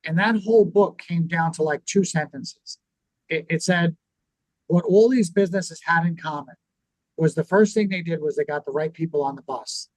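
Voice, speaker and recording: Animated man explaining with acted-out quotes. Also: fairly high pitch, moderate pace, no echo, low-quality recording. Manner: animated, acts out quoted reactions. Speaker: podcast co-host. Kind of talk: conversational teaching.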